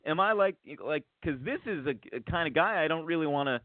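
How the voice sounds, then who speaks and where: A podcast host with a slightly high voice tells a long story in a casual, rambling way, restarting often and acting out quotes. He's animated and fairly quick. The recording is dry and tinny like a phone, with no room sound.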